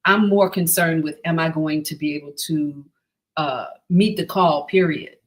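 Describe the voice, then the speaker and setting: Woman host on a video call, lower voice, rambles and restarts a lot. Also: a little slow, rough recording. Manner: rambling, many restarts and asides. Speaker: talk show host. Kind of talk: casual interview chat.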